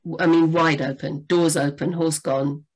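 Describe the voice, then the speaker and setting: A woman co-hosting a live writing Q&A, chatty and rambling, with sudden lively jumps in pitch. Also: moderate pace, slightly rough. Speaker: book editor and co-host. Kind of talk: live Q&A chat.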